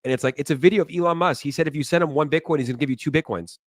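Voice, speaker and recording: A man's voice: on the high side, racing, no room sound, clean studio sound. A man in his thirties hosting a casual crypto talk show, emphatic and repeating words for stress. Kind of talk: casual podcast chat.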